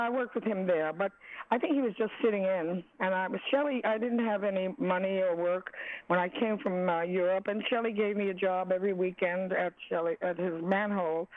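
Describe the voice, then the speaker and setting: Older woman, jazz singer, halting, restarts, tinny phone line. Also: medium pitch, dry recording. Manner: halting, searching for words, many restarts. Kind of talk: reminiscing interview.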